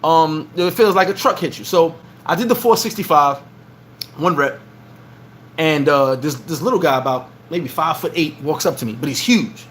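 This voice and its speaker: A man's voice: a little high, moderate pace, a bit bright, a little hiss or hum. A middle-aged man from the United States telling a long gym story in a loose, profane, rambling way, vlogging from his sports bar. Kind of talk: casual storytelling to camera.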